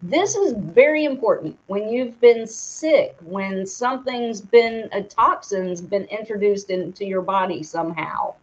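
Woman, co-host, slow delivery, reads product info, trips over words, muffled lo-fi stream. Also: medium pitch. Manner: reads product details aloud, stumbling over words and laughing at herself. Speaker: co-host reading a sponsor segment. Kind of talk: casual live-stream talk. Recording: dull lo-fi stream audio.

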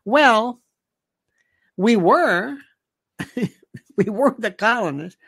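Older host with a lively, indignant voice. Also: mid-range voice, takes it slowly, vocal fry, pauses often, no room sound, studio quality. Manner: animated, indignant, rambling, rhetorical questions. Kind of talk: monologue reading listener comments.

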